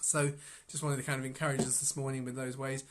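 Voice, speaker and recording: A man sharing an informal devotional reflection on scripture as a Bible teacher. He muses aloud and keeps stopping to restart his sentences, breaking off with soft chuckles. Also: medium pitch, flat delivery. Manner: musing, halting, with frequent restarts and soft chuckles.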